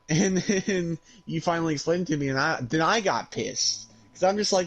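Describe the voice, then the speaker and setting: A man with a somewhat high voice co-hosting a casual podcast. He grumbles with frustration, swears often and laughs between complaints. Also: animated, moderate pace, highs cut off. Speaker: podcast co-host. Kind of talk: casual chat.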